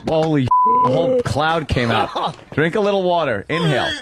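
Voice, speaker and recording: Wisecracking radio man with a lively voice. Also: on the high side, moderate pace, very noisy. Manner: wisecracking, laughing. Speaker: radio show co-host. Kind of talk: casual radio banter.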